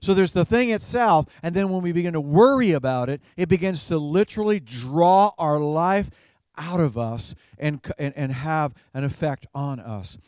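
A man's voice: on the high side, expressive, normal speed, darkish tone, clean tone, dry recording, clean studio sound. A man preaching a sermon as a pastor in a conversational way, chuckling now and then and repeating words as he goes.

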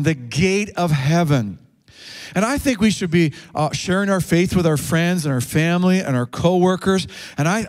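A male pastor delivers a sermon with a fairly high voice for a man. He preaches earnestly and stresses key points with climbing pitch.

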